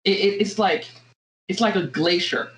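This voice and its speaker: A woman's voice: mid-range voice, rough recording. Reflective Southern American woman. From Southern United States. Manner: reflective, halting, with frequent restarts. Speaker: podcast guest. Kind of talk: casual podcast conversation.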